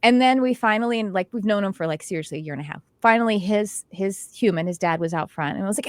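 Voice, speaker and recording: A middle-aged woman hosting a casual chat, telling animated stories full of quoted dialogue. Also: mid-range voice, fast talker, hardly any pauses, dry recording. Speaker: host, intuitive development teacher.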